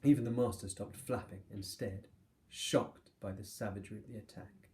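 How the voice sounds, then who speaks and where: A male teacher reading a children's novel aloud with steady, expressive storytelling. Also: fairly low pitch, moderate pace. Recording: echoey room.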